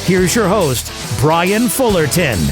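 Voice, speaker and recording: A man putting on a slow, drawn-out announcer voice for a podcast intro. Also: high-pitched, very animated, voice pushed up, heavily acted. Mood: hyped. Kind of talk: announcer intro over music. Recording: intro with guitar music.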